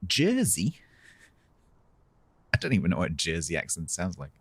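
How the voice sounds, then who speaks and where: Deep, husky, and a bit bright, this British man's voice moves fast as he streams a naval game. He trades dry, sarcastic remarks with his chat in a casual live-stream setting.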